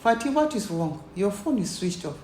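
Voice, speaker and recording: A woman's voice: mid-range voice, very animated, normal speed, a little mellow, reverberant, a little hiss or hum, natural voice. A woman voicing a worried young woman urging her friend. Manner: anxious, urgent.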